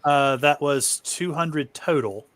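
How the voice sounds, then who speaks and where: A man's voice: a little high, takes it slowly, a bit bright, dry recording. Laid-back man running a tabletop game. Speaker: game master. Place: home setup, online stream.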